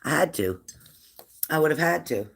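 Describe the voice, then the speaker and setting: A man's voice: a little high, expressive, normal speed, creaky, fairly bright tone, husky. A middle-aged man hosting a casual livestream, chatting with viewers, teasing them and repeating his questions. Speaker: livestream host. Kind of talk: casual livestream chat reading viewer comments.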